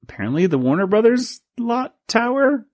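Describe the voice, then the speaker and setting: A man's voice: moderate pace, dry recording. Rambling man co-hosting a casual podcast. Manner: rambling, animated, acts out quoted lines in higher voices. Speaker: podcast co-host. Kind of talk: casual chat, recapping a comic.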